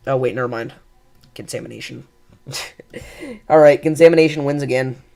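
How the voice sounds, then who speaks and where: A man hosting live severe weather coverage, calmly reassuring viewers and thinking aloud with fillers as he reads radar. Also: mid-range voice, fast talker, gravelly. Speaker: weather livestream host.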